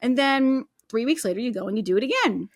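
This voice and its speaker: A woman's voice: fairly high pitch, lively intonation, fast, no room sound. A woman in her thirties, a podcast guest, telling her personal story in a casual, chatty way full of "like" and "you know".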